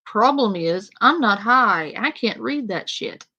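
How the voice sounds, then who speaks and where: A woman's voice: fairly high pitch, expressive, slow, sharp tone, muffled recording. A woman panel guest ranting in an exasperated, profane way in casual commentary.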